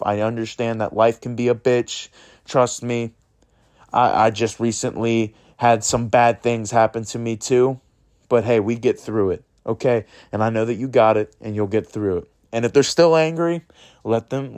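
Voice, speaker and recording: A man's voice: on the low side, darkish tone. Earnest, rambling man podcasting. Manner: earnest, rambling, swears freely. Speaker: podcast host. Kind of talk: casual motivational monologue.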